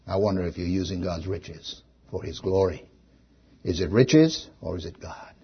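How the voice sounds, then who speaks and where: A man preaching a sermon as pastor, animated, swinging between loud emphasis and hushed questions. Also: sits low, normal speed, breathy edge, lo-fi sound.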